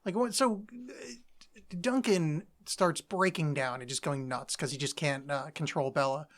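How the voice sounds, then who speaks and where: A woman co-hosting a podcast in casual chat, animated and laughing, slipping into quick mock voices. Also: low voice. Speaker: podcast co-host.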